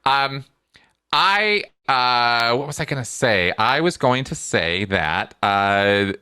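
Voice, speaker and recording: A man hosting a conversational podcast, who rambles a little and whose voice climbs high and heated when he rants. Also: animated, takes it slowly, pushed and bright, smooth. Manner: gets high-pitched and heated when ranting. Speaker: podcast host.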